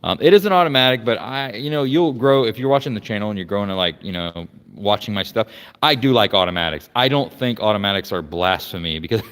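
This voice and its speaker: A man's voice: fairly low pitch, lively intonation, quick pace, fairly bright tone, clean tone, in a large hall. A man from Florida casually chatting through a garage walkaround, rambling with lots of fillers and restarts. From Florida, United States. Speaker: vlogger showing his car collection. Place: garage workshop.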